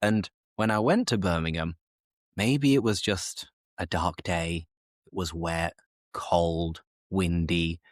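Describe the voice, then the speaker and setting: A young man hosting a slow, clear conversation for English learners, speaking in a measured, reflective, explanatory way. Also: deep voice, no echo, clean studio sound. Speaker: English teacher, host.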